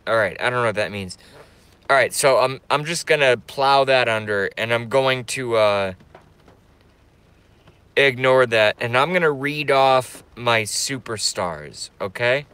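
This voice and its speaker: Brash, rambling slow-talking male streamer. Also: mid-range voice, pushed and bright, smooth. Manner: rambling, brash, stop-start, crude. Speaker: live streamer. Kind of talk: casual live-stream rant.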